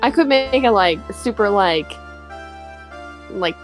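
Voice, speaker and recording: A woman's voice: mid-range voice, animated, slow pace, faint music behind. A young woman from Canada chatting casually on a game stream, often laughing at herself and filling her speech with "like". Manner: laughing, self-deprecating, lots of "like".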